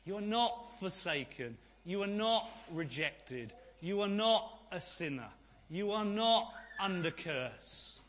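A man delivers a sermon from the pulpit in a bright, clear voice. He speaks slowly and with weight, dropping to near-whispers, then rising to ringing shouts. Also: sits high, expressive. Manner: preaching with dramatic swings from hushed to shouted; slow, emphatic delivery. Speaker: pastor.

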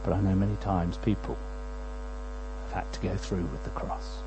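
A man preaching a sermon, moving between quiet prayerful lines and loud, pleading passages. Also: deep voice, level tone, moderate pace, noisy background.

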